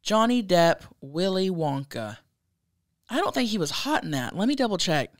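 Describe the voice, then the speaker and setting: A woman's voice: on the low side, very animated, normal speed. A woman co-hosting a podcast, talking in a brash, blunt, casual way. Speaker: podcast co-host. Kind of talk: casual chat.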